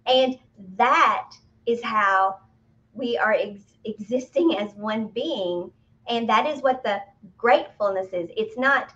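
A woman with a fairly high voice, talking through spiritual teachings in a relaxed, conversational way. She breaks into playful, excited exclamations as she explains. The audio is a bit muffled and lo-fi. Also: slow pace. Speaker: spiritual medium co-host. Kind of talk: casual spiritual teaching talk.

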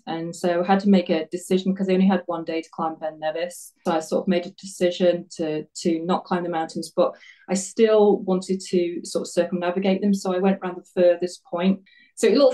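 A woman's voice: on the low side, mellow, recorded from a distance, poor audio. A woman in her fifties, a guest telling her story in a casual interview, chatty and self-deprecating, often laughing at herself.

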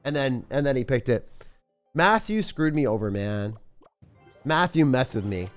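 Young male streamer, animated swings in pitch, excitable play-by-play with faint music behind. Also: measured pace. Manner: excitable, talks to himself while playing, sudden yelps. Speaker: game streamer. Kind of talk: live gameplay commentary.

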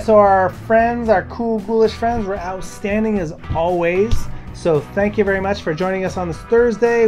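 A man's voice: high voice, darkish tone. A man hosting a morning show, closing it out in a chatty, upbeat way. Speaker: show host. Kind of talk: casual show sign-off. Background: music.

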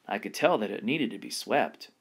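A man reading a children's novel aloud in an expressive storytelling manner. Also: on the low side, moderate pace, vocal fry, breathy edge. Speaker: reader.

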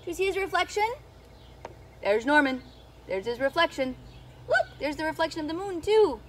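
A woman who is a children's storyteller, reading a picture book aloud to young children in an animated teacher's voice that keeps asking them questions. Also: high voice, moderate pace, slight background noise. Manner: animated, sing-song teacher talk with questions to the kids.

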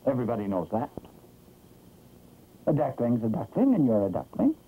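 A man's voice: mid-range voice, wildly swooping pitch, moderate pace, breathy edge. A man voicing a cocky young male robin in a 1960s cartoon, talking in a chirpy, know-it-all way. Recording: muffled, hissy 1960s film soundtrack.

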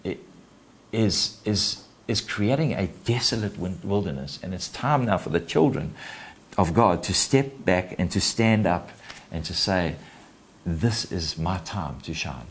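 A man preaching a sermon as a pastor, retelling a film scene and swinging between quiet, slow lines and high, forceful exhortation. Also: expressive, slight background noise.

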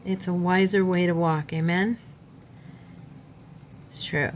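A chatty woman with a drawl talks through a craft project at home, mixing in little prayers and laughing at her own mishaps. Her voice sits fairly low. There is a faint hiss behind her. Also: fairly even intonation, takes it slowly, pauses often. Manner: chatty, faith-filled asides, laughs at herself. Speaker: craft channel host. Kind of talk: casual crafting tutorial chat.

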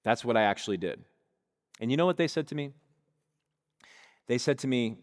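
A man's voice: mid-range voice, animated, normal speed, pauses often. A male pastor tells a story in a sermon, in a mid-range voice and a vivid, conversational manner aimed at his congregation. He speaks on a stage mic in a church sanctuary. The long reverb of the hall trails after his words.

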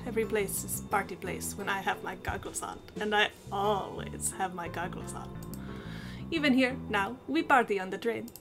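A woman's voice: mid-range voice, moderate pace, close to an everyday voice. A woman voicing a male party-goer in goggles with a put-on accent and a flirty drawl, over game music. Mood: boastful.

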